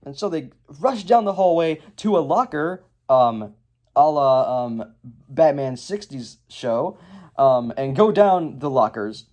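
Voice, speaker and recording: A man's voice: medium pitch, warm tone. A young man casually reviewing a movie, rambling with lots of ums and sarcastic asides.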